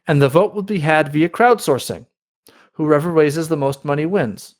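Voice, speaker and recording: Male podcast guest, somewhat high voice, explanatory, many restarts. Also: normal speed. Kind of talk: conversational interview.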